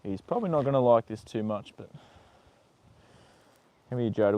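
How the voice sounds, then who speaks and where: While caring for a horse's leg on a casual livestream, this man mutters, swears freely, and talks to his viewers and to the animal. His medium-pitched voice moves at a moderate pace with frequent pauses. The sound is lo-fi, without room sound.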